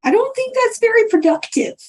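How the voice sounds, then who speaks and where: A woman's voice: very high voice, animated, fairly quick, pitched above the performer's own voice. Woman doing a sugary, doting older lady. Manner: sing-song, calls everyone dear. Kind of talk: tabletop role-play.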